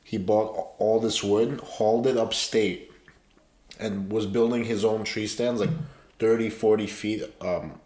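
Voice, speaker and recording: A man's voice: fairly low pitch, steady tone, unhurried, a little mellow. A man co-hosting a podcast, telling stories in a laid-back, slangy way during casual chat. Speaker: podcast co-host. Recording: roomy echo.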